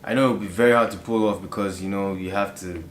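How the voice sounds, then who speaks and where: A man's voice: sits low, fairly even intonation, fast talker, a little hiss or hum. A young Nigerian man with a Nigerian accent, chatting easily as an interview guest, laughing often and filling with "you know". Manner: easygoing, laughs often, many fillers. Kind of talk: casual interview chat. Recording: roomy echo.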